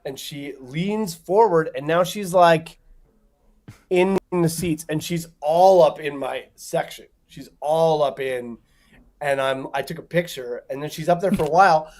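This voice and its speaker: Speaking a little slowly in a slightly high voice, this male comedian is a guest on a talk show. He delivers an animated, lively story, cursing along the way and doing impressions of the characters involved.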